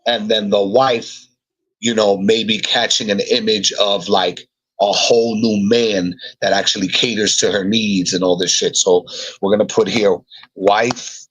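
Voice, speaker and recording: A man's voice: lowish voice, fairly even intonation, measured pace, a bit bright, slightly rough, rough recording. A man co-hosting a podcast, thinking aloud and repeating words as he writes notes in a casual brainstorming chat. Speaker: podcast co-host.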